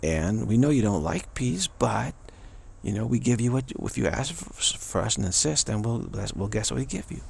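A man's voice: mid-range voice, big pitch swings, normal speed, gravelly, a little mellow, slight background noise. A man voicing a patient, puzzled parent who reasons with a sulking child in an exasperated way.

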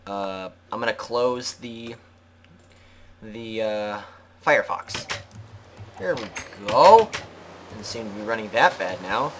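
A man's voice: fairly low pitch, animated, slow, pauses often. Rambling jokey gamer guy. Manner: rambling, jokey, self-mocking, talks to himself while playing. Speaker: gaming channel host. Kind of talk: let's play commentary. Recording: clear background noise.

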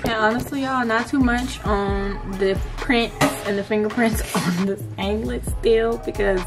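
With loud music behind her, a vlogger speaks at a measured pace in a slightly high voice with fairly even intonation. She's cooking in a home kitchen, holding a handheld camera and chatting in a relaxed, friendly way that keeps turning to her viewers.

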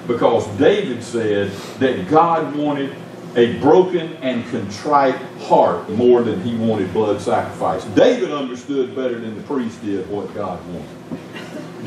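An older man with a Southern US accent preaching a sermon, telling stories in a folksy way with big swings in pitch. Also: animated, normal speed, a little mellow, slight background noise. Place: church sanctuary. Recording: echoey church from far off.

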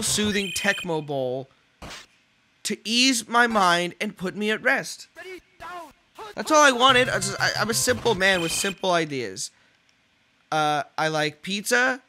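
A man giving casual, rambling commentary while playing a football video game, swearing and yelling at the screen. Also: sits high. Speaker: let's play host.

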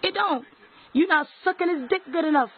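Woman, combative trash-talking ranter, high voice, lo-fi phone-like sound. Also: fairly quick. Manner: aggressive, taunting, heavy profanity. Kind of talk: profane confrontational rant. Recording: tinny phone-like audio.

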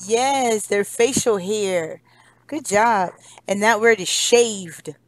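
A woman's voice: medium pitch, takes it slowly, dry recording. An American woman teaching English to a child online, cheerful and encouraging, laughing often. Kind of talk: one-on-one kids' lesson.

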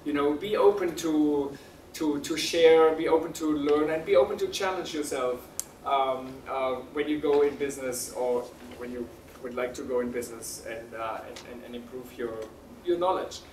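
A man telling a personal story to an audience, halting and full of fillers, laughing often. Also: a little high, darkish tone, a little hiss or hum. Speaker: speaker at a talk. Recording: roomy sound from a distant mic.

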